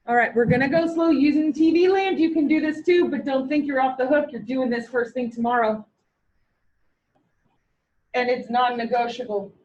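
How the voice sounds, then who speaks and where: High-voiced teacher quizzing her class. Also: moderate pace, dull audio. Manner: lively, asks the class questions and answers them herself. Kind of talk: classroom lecture.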